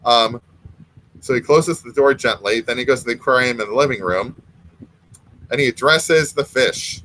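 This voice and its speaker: A man's voice: medium pitch, moderate pace, pauses often, sharp tone, rough recording. Man reading his story with wry asides. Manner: wry, self-mocking asides.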